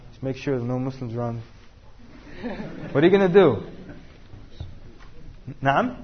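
A man's voice: medium pitch, expressive, unhurried, lo-fi sound, a little hiss or hum. A man teaching a class, joking and asking the room questions. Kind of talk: interactive class talk with students.

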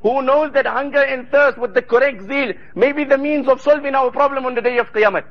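A man's voice: very high-pitched, brisk, highs cut off. A man preaching a sermon, retelling stories with fervour and quoting Arabic phrases. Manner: fervent storytelling, quoting Arabic.

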